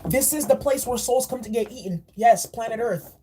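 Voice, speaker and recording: A woman's voice: on the high side, moderate pace, dark tone, slight background noise. A woman giving a spiritual oracle card reading in a blunt, preachy and profane way. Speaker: spiritual reader.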